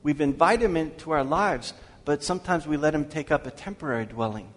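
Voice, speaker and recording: A man preaching a sermon as pastor, asking his congregation questions and slowing down to read scripture aloud. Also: a little high, expressive. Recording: long hall reverb.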